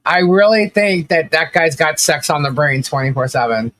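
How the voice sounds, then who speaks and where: A woman's voice: low-pitched, expressive, normal speed, fairly bright tone. A middle-aged woman hosting a casual live stream, chatting animatedly and laughing often as she reacts to viewer comments. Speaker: livestream commentary host.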